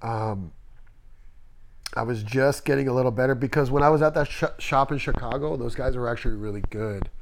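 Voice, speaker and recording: A man from Las Vegas, a tattoo artist, telling stories in a casual, animated, profane way. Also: mid-range voice, fairly quick, vocal fry. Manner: animated, profane, acts out quotes. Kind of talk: casual storytelling.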